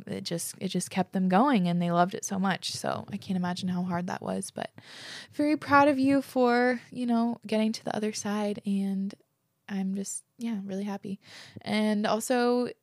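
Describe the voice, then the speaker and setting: A woman's voice: lowish voice, gravelly, dry recording, clean studio sound. A woman in her twenties hosting a podcast, chatting casually and reading listener messages aloud with lots of fillers. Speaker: podcast host.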